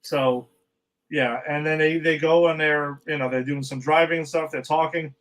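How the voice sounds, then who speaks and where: A man with a slightly high voice talks through the latest TV episodes with his co-host. He rambles, restarts his sentences and retells scenes by quoting the characters. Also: fairly even intonation, moderate pace, a bit bright, rough recording. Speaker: podcast co-host. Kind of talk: casual chat recapping TV episodes.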